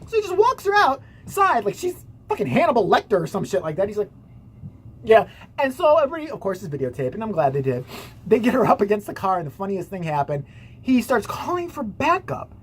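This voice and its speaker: A woman's voice: mid-range voice, huge pitch swings, fairly quick, slight background noise. Sarcastic foul-mouthed woman vlogger. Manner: sarcastic, swears a lot. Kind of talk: casual profane commentary.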